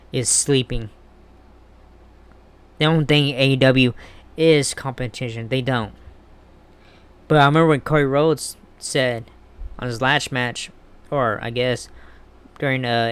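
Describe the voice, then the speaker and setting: A man's voice: mid-range voice, a bit bright, clear, resonant tone. A man ranting bluntly and with heavy swearing in a casual wrestling commentary vlog. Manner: blunt, profane, heated ranting.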